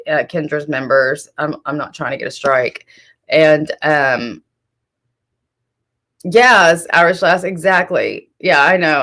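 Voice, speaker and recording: A woman with a fairly low, fairly bright voice hosts a live stream, gossiping and calling people out in casual chat. She's sassy and gossipy and addresses chat directly.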